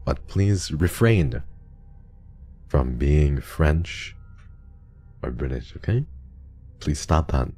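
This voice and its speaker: A young male streamer with an extremely deep voice, full of gravelly fry. He chats casually through donations in a soft, affectionate tone that turns into playful teasing. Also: expressive, slow, pauses often. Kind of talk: casual livestream chat reading donations.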